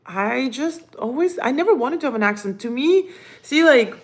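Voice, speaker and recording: A woman's voice: high voice, lively intonation, normal speed. Chatty woman reading live-stream comments. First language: Russian. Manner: chatty, reads comments aloud, talks to her cat. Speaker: livestream host reading viewer comments. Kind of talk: casual live-stream chat.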